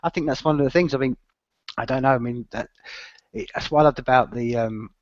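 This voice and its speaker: A man hosting an interview, speaking haltingly, searching for words with many "uh"s and restarts, and calling his guest "man.". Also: mid-range voice, no echo. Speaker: podcast host. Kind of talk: conversational interview. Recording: dull, dry lo-fi audio.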